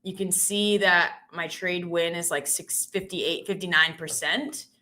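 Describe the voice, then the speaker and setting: Woman stream host, casual and self-deprecating, bright tone. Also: on the low side, steady tone, measured pace. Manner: chatty, giggly, self-deprecating. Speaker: live trading stream host. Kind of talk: casual live-stream chat.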